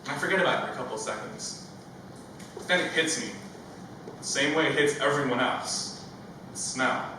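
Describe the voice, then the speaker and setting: A young man doing a stand-up comedy set, telling a childhood story with animated acted-out voices. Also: medium pitch, moderate pace. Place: stage with a live audience. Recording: echoey stage from far off with audience noise.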